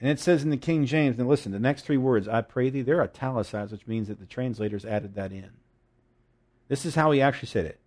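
A man's voice: mid-range voice, brisk, a little mellow. A man preaching a sermon, reading scripture and explaining it emphatically, with jokes and asides.

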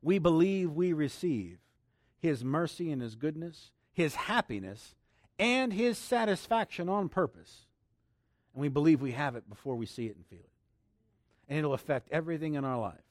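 A man preaching a sermon, exuberant and laughing, swinging between hushed and loud lines. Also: fairly high pitch, lively intonation, moderate pace, no room sound, studio quality. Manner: leads congregation in a loud spoken declaration.

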